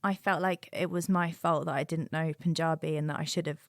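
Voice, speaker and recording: A woman's voice: low voice, steady tone, fairly quick, no echo, clean studio sound. A woman with a London accent co-hosting a podcast in casual chat, affirming and responsive. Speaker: podcast co-host.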